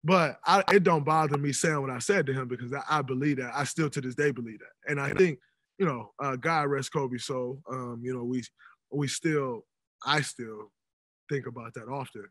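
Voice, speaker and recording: A man in his thirties, a podcast guest telling stories in an animated, emphatic way. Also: medium pitch, normal speed, dry recording. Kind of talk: casual podcast conversation. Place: podcast studio.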